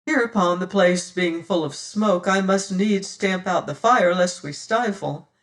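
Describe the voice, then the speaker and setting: Woman audiobook narrator, slow and measured, a bit off-mic. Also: fairly low pitch, distant mic. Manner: measured, unhurried storytelling. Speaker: audiobook reader. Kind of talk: scripted narration.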